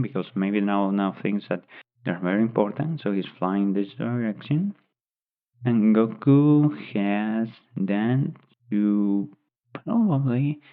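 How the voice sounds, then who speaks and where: Slow, rambling man on a tinny line. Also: lowish voice. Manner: thinking aloud, rambling while describing pictures. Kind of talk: unscripted story narration. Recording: tinny phone-like audio.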